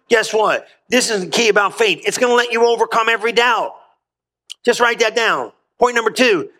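A man preaches in church with emphatic, punchy call-and-response. His voice sits high and bright, with a forceful edge. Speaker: pastor. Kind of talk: sermon.

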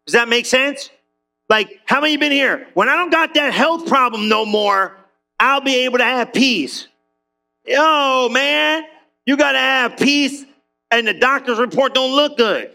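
A middle-aged male pastor preaching a lively sermon, joking and calling out to the congregation. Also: very high voice. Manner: animated, joking, calls out to the congregation.

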